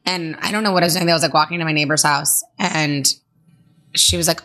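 A young woman co-hosting a podcast, telling a story in casual chat, expressive and quick with quips and gasps. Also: fairly low pitch. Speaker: podcast co-host.

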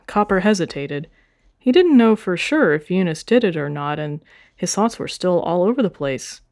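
A woman's voice: fairly low pitch, big pitch swings, normal speed, a little mellow. A woman hosting a podcast, reading a fan story aloud with playful, swearing asides.

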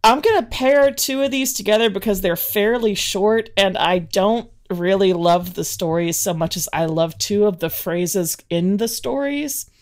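A woman co-hosting a comedy podcast, trading deadpan quips and reading listener stories. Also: medium pitch, unhurried, few pauses. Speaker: podcast co-host.

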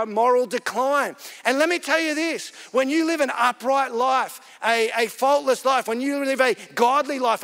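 High-voiced pastor in a reverberant hall. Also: male voice, a bit bright. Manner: earnest, conversational storytelling that builds to emphatic points. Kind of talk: sermon. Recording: long reverb of a church hall.

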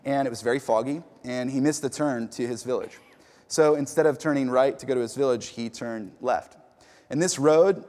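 A man delivers a sermon as the community's pastor. He talks in an easygoing, chatty way, stumbling and repeating words as he tells a story. His voice sits at an ordinary middle pitch and carries a long reverb from a large hall. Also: darkish tone. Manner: conversational storytelling with fillers and repeats.

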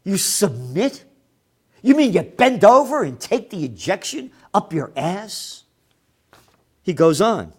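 A man's voice: high-pitched, very animated, takes it slowly, pauses often, slightly rough. A man ranting angrily about the news, swearing often and mocking the people he quotes. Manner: angry, profane, sarcastic, mocking quoted people. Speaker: commentator.

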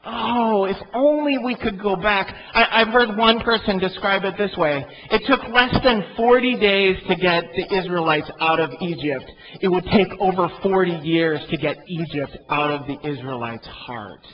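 A man preaching a sermon in an animated way, swinging between loud emphatic peaks and quiet asides. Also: high voice, normal speed, few pauses, highs cut off. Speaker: pastor.

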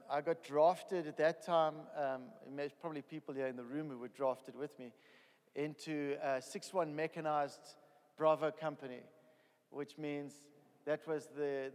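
A preaching man in a ringing hall. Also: on the high side. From South Africa. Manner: storytelling, rises to loud excited bursts. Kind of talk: sermon testimony. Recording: long hall reverb.

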